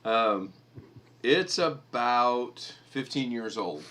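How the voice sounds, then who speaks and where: A middle-aged man from the United States runs a live stream and talks very slowly, with lively intonation and a pushed, bright tone. He's a blunt, casual storyteller who mimics the characters in his anecdotes using high voices.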